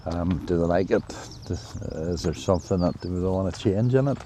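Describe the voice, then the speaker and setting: A man's voice: sits low, moderate pace, mellow, slight background noise. A man vlogging casually while walking uphill through a forest, rambling with lots of fillers and a bit out of breath. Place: outdoors in a forest on a hill.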